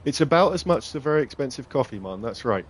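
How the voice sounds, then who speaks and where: A man's voice: mid-range voice, lively intonation, fast talker, a little hiss or hum. A man giving casual, self-mocking, sarcastic commentary while streaming a game.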